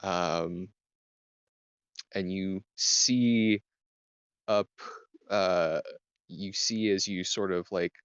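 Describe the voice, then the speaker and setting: A man narrating a tabletop game as game master, talking in a slow, halting way with lots of fillers. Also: deep voice, clear, resonant tone, no echo.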